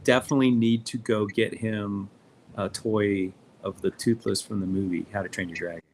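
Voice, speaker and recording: A man's voice: lowish voice, steady tone, moderate pace, a little mellow, slight background noise. A man chiming into a casual chat with short questions and remarks. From Canada. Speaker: podcast co-host.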